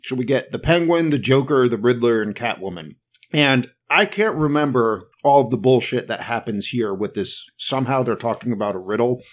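A man's voice: mid-range voice, expressive, moderate pace. A man co-hosting a podcast, recapping a movie plot in casual chat with sarcastic asides. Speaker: podcast co-host.

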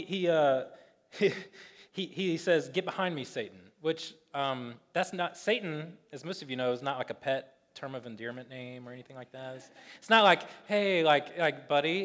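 A man's voice: fairly high pitch, fairly bright tone, long reverb tail. A man preaching a sermon as pastor, talking in a loose conversational way with lots of fillers and playful retellings. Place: church sanctuary.

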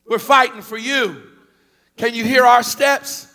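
With a very high, tense voice and a slow pace, a US Northeast preacher delivers a storytelling sermon, animated, repeating questions and breaking into shouts. The setting is a large church hall holding thousands, and the audio has a long hall echo.

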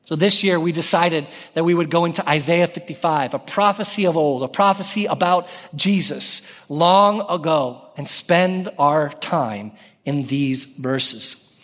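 A man in his thirties preaching a sermon as pastor, animated and calling out scripture with raised voice. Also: on the high side, unhurried. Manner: animated, calls out scripture loudly. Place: church sanctuary. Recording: long reverb of a church hall.

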